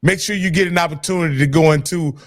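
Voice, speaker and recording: This man hosts a sports talk show and likes to tease his co-hosts with jokes. His voice is a little higher than most men's. He keeps the talk moving between segments. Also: fast. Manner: joking, teasing. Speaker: show host.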